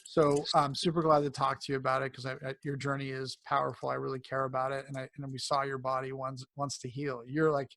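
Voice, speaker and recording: Gravelly man coaching in rambling talk. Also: mid-range voice, flat delivery, fast, hardly any pauses, fairly bright tone, dry recording. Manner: rambling, many fillers and restarts; grows emphatic and enthusiastic when praising. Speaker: cancer coach. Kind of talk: conversational interview.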